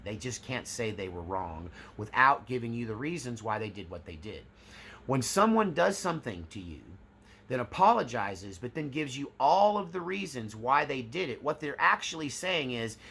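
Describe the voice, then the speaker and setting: Gravelly man explaining in a casual talk. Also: medium pitch, fairly bright tone. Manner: conversational, acts out examples. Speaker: channel host.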